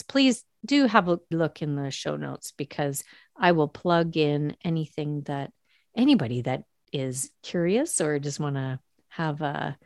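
A woman hosting a podcast in casual chat, reflective and quick to laugh. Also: sits low, dry recording, clean studio sound. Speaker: podcast host.

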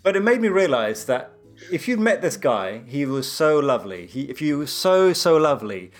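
A man's voice: fairly high pitch, sing-song, normal speed, music in the background. A man, a doctor co-hosting a podcast, telling a playful anecdote in casual chat.

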